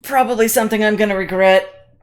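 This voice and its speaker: A woman's voice: medium pitch, fast talker. Apologetic woman player at a game table. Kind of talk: casual game chat.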